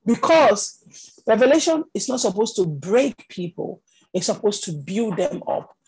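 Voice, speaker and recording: Gravelly, husky woman teaching. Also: medium pitch, lively intonation, unhurried, dark tone, poor audio. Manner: conversational, many "you know" fillers. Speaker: prophetic ministry teacher. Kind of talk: teaching session.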